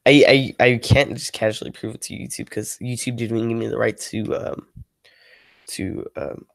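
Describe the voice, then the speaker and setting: A man's voice: mid-range voice, fairly even intonation, moderate pace, gravelly, dry recording. A man ranting casually on a livestream, rambling and frustrated, with lots of filler words and free swearing. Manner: swears freely. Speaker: ASMR channel creator, livestreaming.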